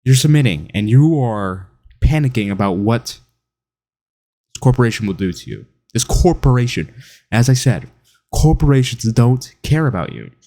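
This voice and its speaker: A man's voice: mid-range voice, mellow. A man delivering an opinionated, mocking monologue, now and then mimicking other people in whiny voices. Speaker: online commentator. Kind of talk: monologue to camera.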